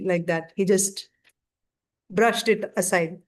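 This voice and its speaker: A woman's voice: fairly high pitch, moderate pace. Woman retelling scripture story, conversational. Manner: conversational retelling, many fillers, quotes figures in lively asides. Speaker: scripture class teacher.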